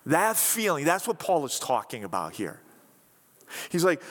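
Male pastor, chatty and animated, pitch swinging all over, preaching to a congregation. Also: normal speed. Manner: animated, conversational, acts out quotes. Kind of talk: sermon. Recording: reverberant hall.

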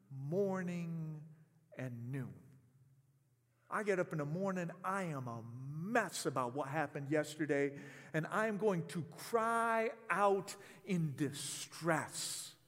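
A man preaching a sermon, animated and stammering as he voices the hurt of a betrayed spouse. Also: high voice. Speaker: pastor. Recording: long hall reverb.

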